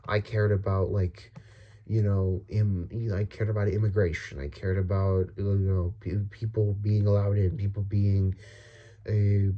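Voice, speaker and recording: A man's voice: lowish voice, dull audio. A young man from the Dominican Republic ranting casually about politics, rambling with many restarts, swearing and nervous laughs. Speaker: vlogger.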